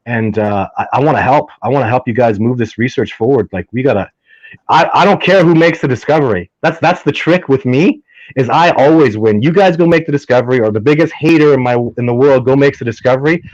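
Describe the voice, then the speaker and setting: A Canadian man, a guest in a casual chat, talking excitedly and restarting his words often. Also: mid-range voice, brisk, dry recording, dull audio.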